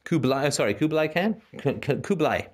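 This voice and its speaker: Speaking a little fast in a fairly high register, a call-in talk show host launches into a casual ranting monologue. He's animated and rhetorical, tossing out questions and tacking on "right?" again and again.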